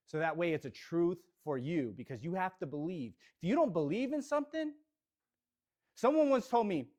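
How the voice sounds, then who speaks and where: Animated, high-voiced man coaching a room. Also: normal speed. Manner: energetic, motivational, speaks straight to the audience. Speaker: real estate trainer. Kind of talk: live training session talk.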